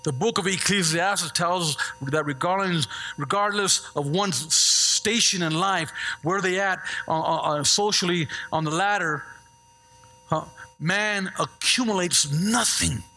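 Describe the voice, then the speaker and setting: Gravelly, bright-voiced preaching man. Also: high voice, a little slow, a little hiss or hum. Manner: animated storytelling with call-and-response asides. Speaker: pastor. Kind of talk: sermon.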